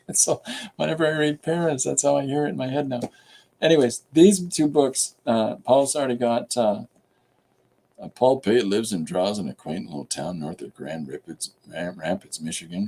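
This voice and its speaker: A man's voice: mid-range voice, gravelly, dark tone, husky, rough recording. A middle-aged man from Canada, a comic artist chatting casually on a live stream, rambling with many fillers.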